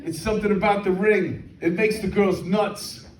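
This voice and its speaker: At a comedy venue, with a live crowd laughing, a man in his fifties works through a brash, streetwise set full of "man" and shouted impressions. His voice sits high with fairly even intonation and a moderate pace. There's slight background noise, the room is echoey, and the mic is heard from afar.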